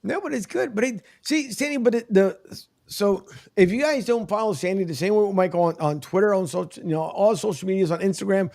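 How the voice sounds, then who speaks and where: A man hosting a radio talk show in a loose, chatty way, laughing easily between thoughts. His voice sits high and has a gravelly edge. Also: a little fast, a little mellow.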